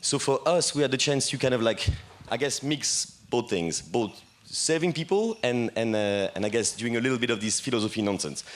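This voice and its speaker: A man's voice: medium pitch, brisk. A man in his thirties with a French accent, giving a casual, self-deprecating talk on a conference stage, full of fillers and restarts. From France. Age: 30s. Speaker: bar owner giving a talk.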